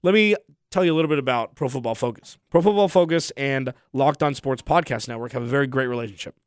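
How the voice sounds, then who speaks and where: A man's voice: mid-range voice, fast, clean tone, no room sound, studio quality. A young adult man hosting a sports podcast, talking casually with a sore throat, rambling and trailing off at the ends of phrases. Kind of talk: casual solo podcast talk.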